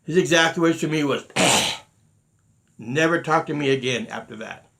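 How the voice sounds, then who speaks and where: A man's voice: fairly high pitch, moderate pace, a bit bright. A middle-aged man, a martial arts grandmaster, telling stories in earnest with many restarts and quoted exchanges. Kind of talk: unscripted talk to students.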